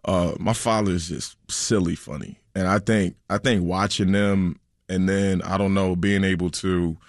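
A thirty-year-old comedian from Virginia talks in a low, animated, slangy way, tripping over quick restarts. His voice sits close and dry on the mic, with no room sound at all. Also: no echo. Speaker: comedian guest. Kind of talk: casual interview chat.

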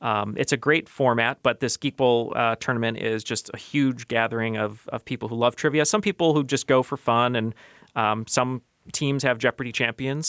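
A man's voice: mid-range voice, a bit bright, no echo. A man, a podcast host, answering interview questions in a radio studio, earnest and thoughtful with many fillers and restarts.

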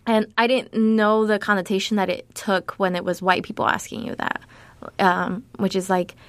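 A woman's voice: mid-range voice, level tone, moderate pace, no room sound. Woman from Nicaragua telling her story. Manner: casual, frequent fillers, laughs between thoughts. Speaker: guest writer. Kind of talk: personal storytelling in an interview.

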